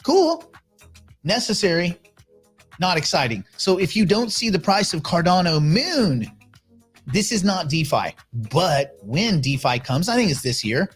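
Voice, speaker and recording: A man's voice: sits high, big pitch swings, a little slow, slightly rough, soft background music. A man hosting a casual livestream, giving blunt, opinionated commentary and greeting viewers by name as they join. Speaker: livestream host reading chat.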